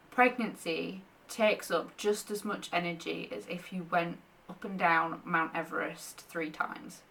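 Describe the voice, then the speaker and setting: A woman's voice: lowish voice, vocal fry, pushed and bright, recorded from a distance, a little hiss or hum. A young woman in pregnancy, chatting casually to camera and often short of breath, laughing between thoughts. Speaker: vlogger sharing pregnancy updates.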